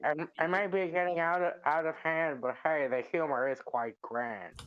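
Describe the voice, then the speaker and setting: A man's voice: on the high side, steady tone, moderate pace, lo-fi sound, a little hiss or hum, lightly acted. A man voicing a grumpy cartoon squid turned angry race car driver, using a nasal put-on voice in improv comedy. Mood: snooty.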